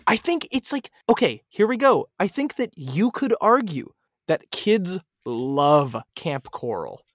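A man talking as a podcast guest in casual chat, opinionated and animated, often laughing between points. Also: sits high, measured pace, no room sound, studio quality.

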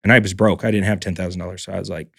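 A man's voice: low voice, fairly even intonation, very fast, vocal fry, dry recording, clean studio sound. A man hosting a podcast who tells stories animatedly and swears freely in casual conversation. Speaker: podcast host.

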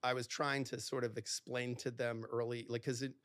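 A man, a divorce lawyer, talking candidly as a podcast guest, animated and acting out the dialogue in his stories, with lots of "like". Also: mid-range voice, normal speed, no echo, studio quality. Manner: animated storyteller who acts out quoted dialogue, heavy use of "like".

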